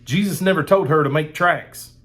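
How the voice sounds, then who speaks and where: A man's voice: fairly high pitch, moderate pace, a bit bright. A man preaching a sermon in a fired-up, emphatic way, repeating phrases for emphasis.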